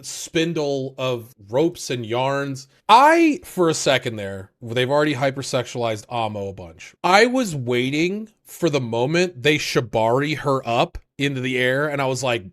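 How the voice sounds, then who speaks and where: Animated, swearing male podcast host. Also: medium pitch, measured pace, hardly any pauses. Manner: animated, swearing, acts out character lines. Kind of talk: casual episode recap.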